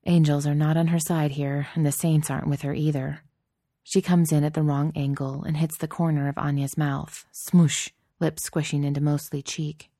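A woman narrating a story in a steady, soft-spoken audiobook style. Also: low voice, normal speed, dry recording, studio quality.

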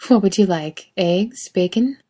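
A woman voicing a self-assured, gently teasing woman who is in charge, speaking in a calm, lightly commanding way. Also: medium pitch, measured pace.

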